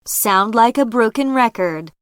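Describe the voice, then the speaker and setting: A woman reading English expressions aloud for a language lesson, saying each phrase slowly and deliberately. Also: on the high side, lively intonation, smooth, no room sound, studio quality. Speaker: lesson narrator reading headings.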